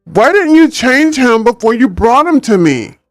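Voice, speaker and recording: A cranky, sleep-deprived teenage girl, voiced by a man reading a storybook aloud. Her lines come out high and whiny, full of complaint. The sound is dry and close-miked, with a little music underneath. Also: sing-song, measured pace, dry recording, exaggerated voice.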